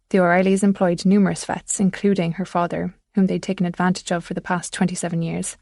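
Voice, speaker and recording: A woman's voice: on the low side, flat delivery, gravelly, darkish tone, no echo, clean studio sound. Woman reading a thriller audiobook. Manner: measured storytelling. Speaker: audiobook narrator. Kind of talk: scripted audiobook narration.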